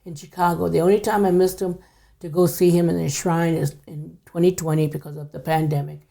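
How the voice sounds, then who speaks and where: Low gravelly older woman, hushed telling. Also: flat delivery, fairly quick. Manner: hushed, drops to near whisper at times. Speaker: podcast guest, psychic. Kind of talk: casual storytelling.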